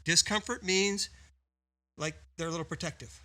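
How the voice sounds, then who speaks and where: A man's voice: a little high, moderate pace, sharp tone. A man co-hosting a business podcast, explaining in an emphatic, coaching way and often tagging points with "right?". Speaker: podcast co-host. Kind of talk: casual business podcast talk.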